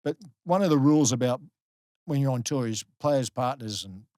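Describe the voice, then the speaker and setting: Aussie bloke telling a long story on a podcast, lots of um and like, dry sound. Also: male voice, medium pitch, normal speed, dry recording. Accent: Australian. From Australia. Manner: animated storyteller, many fillers and restarts. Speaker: guest, former rugby league player. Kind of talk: casual storytelling in a podcast interview.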